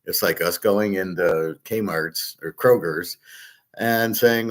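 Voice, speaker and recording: A deep-voiced man speaks slowly as he hosts his own betting and gold commentary show. In an opinion monologue, he rants indignantly and swears.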